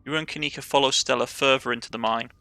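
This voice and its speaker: A man's voice: mid-range voice, fairly even intonation, quick pace, vocal fry, pushed and bright, no room sound. A man with a Cornish accent reading a narrative game's text and dialogue aloud, often stumbling and correcting himself. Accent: Cornish English. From Cornwall, England. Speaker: let's play gamer. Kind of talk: reading game text aloud with light character voices.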